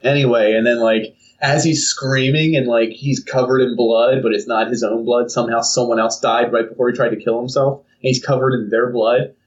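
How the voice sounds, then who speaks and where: A man's voice: medium pitch, fairly even intonation, fairly quick, hardly any pauses. A young man co-hosting a casual podcast, rambling through a story and acting out silly voices. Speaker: podcast co-host. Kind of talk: casual chat. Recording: distant, dull lo-fi mic.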